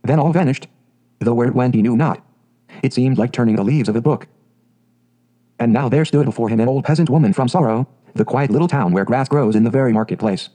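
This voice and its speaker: A man narrating a fairy tale audiobook in a steady, measured way. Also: mid-range voice, low-quality recording.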